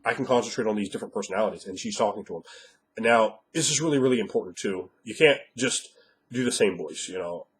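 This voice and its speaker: A man speaking as a game master, giving blunt, emphatic tips with frequent swearing, slightly hoarse after a cold. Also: lowish voice, fast, slight background noise. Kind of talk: instructional monologue.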